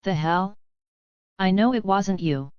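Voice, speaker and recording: A woman's voice: medium pitch, slow pace, darkish tone, clear, resonant tone, no echo, dull audio, lightly acted. A woman voicing a bald, muscular male street racer who speaks bluntly and directly in a storybook reading.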